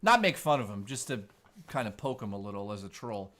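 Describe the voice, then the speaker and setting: A man's voice: fairly low pitch, big pitch swings, a little fast, fairly bright tone. A man in his forties, a streamer host chatting casually in a laid-back, surfer-style way. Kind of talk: casual live-stream chat.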